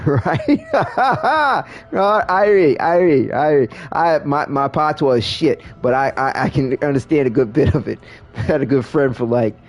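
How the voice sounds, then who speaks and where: This livestreamer talks a little slowly but animatedly in a mid-range voice, rambling through casual chat with viewers as he plays a game. He keeps restarting sentences and dropping fillers.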